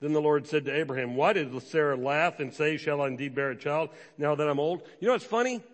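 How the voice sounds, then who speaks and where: Animated man preaching in a reverberant hall. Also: a little high. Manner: animated, acts out biblical characters in quick quoted voices. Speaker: pastor. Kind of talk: sermon.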